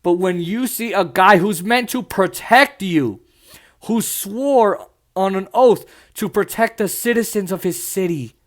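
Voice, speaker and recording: A man with a high-pitched voice hosts his own podcast, speaking with raw passion and blunt frankness. He slips into mocking asides now and then, in a loose, unscripted commentary. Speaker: podcast host.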